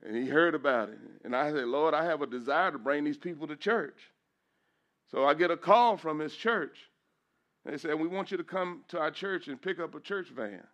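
Man, middle-aged, pastor, emotional church testimony, slightly high voice, repeated phrases, rising praise. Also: normal speed, a bit bright. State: emotional, voice breaking at times.

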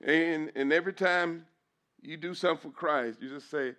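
Preaching in church, a middle-aged pastor speaks a little above typical male pitch in a bright, forceful tone at a moderate pace. He is openly emotional, his voice sometimes breaking, and he repeats phrases and lifts his voice as he turns to praise.

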